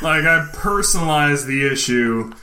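Lively male storyteller, bright and swinging delivery, crude and loose. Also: a little high, measured pace, a little hiss or hum. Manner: animated, swears often, laughs through the telling. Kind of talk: casual comedic storytelling.

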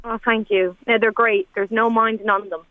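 A woman's voice: a little high, steady tone, moderate pace, dry recording. Young irish woman on a phone line. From Ireland. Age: 20s. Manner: chatty, rambling with many fillers and restarts. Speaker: guest. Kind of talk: emotional radio phone-in chat. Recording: tinny phone line, dry.

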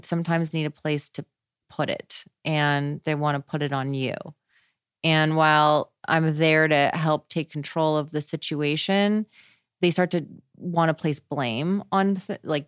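A wellness practitioner appears as a podcast guest in a casual conversational interview, speaking in a low, smooth, dry voice with no echo. She's chatty and animated, telling stories and sprinkling in plenty of "like" fillers.

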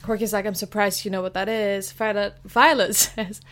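A woman's voice: medium pitch, flat delivery, moderate pace, hardly any pauses, fairly bright tone. A woman co-hosting a podcast, chatting casually and enthusiastically about a film. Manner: enthusiastic, gushing. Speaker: podcast co-host. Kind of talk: casual film-review chat.

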